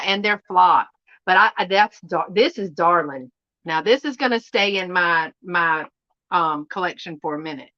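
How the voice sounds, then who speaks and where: A middle-aged woman from Louisiana with a Southern accent, chatting folksily as she hosts a live unboxing and often drops to a hushed voice. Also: fairly low pitch, muffled recording. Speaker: channel host. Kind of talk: casual live unboxing chat. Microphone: live stream setup.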